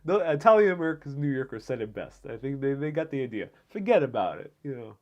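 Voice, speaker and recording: A man's voice: mid-range voice, lively intonation, quick pace, a little mellow, muffled recording. A man hosting a live stream from home, chatting casually and answering viewer comments in a rambling way, with frequent fillers and restarts. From Puerto Rico.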